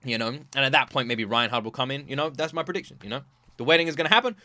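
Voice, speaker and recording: Man, reaction host, animated, joking, rapid talk, dry close sound. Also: mid-range voice, dry recording. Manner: animated, joking, acts out scenes. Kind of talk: casual reaction commentary.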